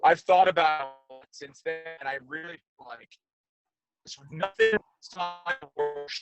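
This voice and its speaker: A man's voice: on the high side, no room sound, rough recording. Rambling joking man, dry close sound. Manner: rambling, joking, restarts often. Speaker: podcast host. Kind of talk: casual chat on a video call. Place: in a car.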